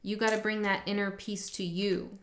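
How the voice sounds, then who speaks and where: A chatty woman reading tarot cards straight to her audience in an easy, casual way. Her voice sits at an ordinary middle pitch, and her talk is upbeat, with frequent laughs slipping into her sentences. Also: little pitch movement, moderate pace, a bit bright, slight background noise. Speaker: tarot reader.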